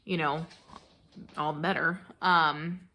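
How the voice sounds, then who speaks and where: A woman's voice: deep voice, steady tone, slow pace, pushed and bright. A woman knitting vlogger chatting casually and gushing, with lots of fillers and restarts. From American Midwest. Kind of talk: casual chat.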